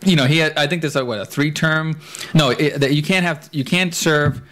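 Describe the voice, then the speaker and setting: A man's voice: a little high, moderate pace, a bit bright. A man co-hosting a casual podcast chat, dropping dry wisecracking asides, in an echoey room at home. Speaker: podcast co-host.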